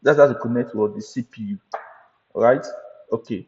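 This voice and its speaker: In a recorded training lecture, an IT certification instructor teaches a lesson, repeating his points and often checking in with "right?" and "you understand?" His voice is medium-pitched and darkish, at a normal speed. The audio is muffled, with a long hall reverb.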